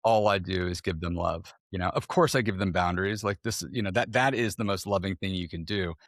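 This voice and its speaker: Middle-aged male guest, low register, dry close mic; loose, candid, casual. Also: a little fast, a bit bright, no room sound. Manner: candid, loose, lots of fillers and slang. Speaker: podcast guest, entrepreneur. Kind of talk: casual conversation.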